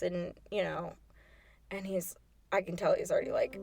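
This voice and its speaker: A woman tells a personal story as a podcast host, talking casually with many fillers and acted-out quotes. Her voice sits at a middle pitch. Faint music plays quietly underneath. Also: a little fast.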